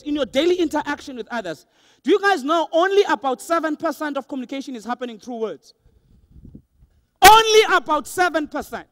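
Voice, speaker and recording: A young adult man giving an animated motivational keynote to a large audience, acting out voices for laughs. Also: very high voice, no room sound. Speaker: motivational speaker. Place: large hall with a live audience.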